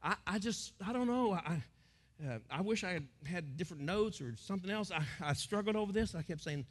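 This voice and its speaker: Preaching as a pastor, this middle-aged man from the United States breaks into sudden loud bursts as he voices crowds and quotations. He speaks quickly in a high-pitched voice with lively intonation.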